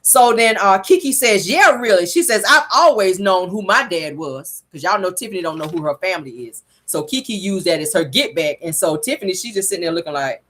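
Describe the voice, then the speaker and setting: Sassy female host, gossipy recap delivery, very lively pitch. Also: fairly quick, few pauses. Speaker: reality show reviewer. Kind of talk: casual recap commentary.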